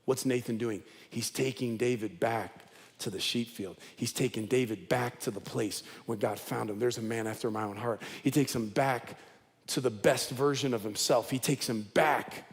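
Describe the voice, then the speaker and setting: A man's voice: mid-range voice, moderate pace, gravelly, in a large hall. A male pastor delivering a sermon in a church, telling the story with emphatic repetition. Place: church auditorium.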